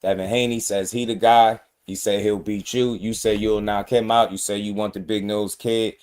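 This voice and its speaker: A man's voice: on the low side, little pitch movement, moderate pace, darkish tone, smooth. Emphatic man ranting about boxing. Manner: emphatic, repetitive, addresses fighters directly. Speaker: boxing commentary host. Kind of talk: casual opinion commentary.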